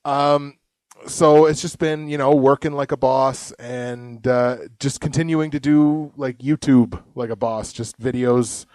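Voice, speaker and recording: Brief: young male podcast host, casual rambling chat, mid pitch, dead-dry recording. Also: fairly even intonation, a little slow, a little mellow, dry recording. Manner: chatty, laughs often, rambling.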